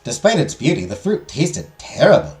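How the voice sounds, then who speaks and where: A man's voice: a little high, sing-song, moderate pace, a little mellow. A man voicing a theatrical female magical history teacher, telling a legend with a swooping, dramatic lilt. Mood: storytelling. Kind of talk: reading visual novel lines aloud.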